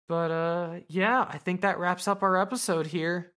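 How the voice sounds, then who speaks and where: Low-voiced woman casually recapping anime. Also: fairly even intonation, a little slow, fairly bright tone. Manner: rambling, profane, lots of fillers. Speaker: podcast host.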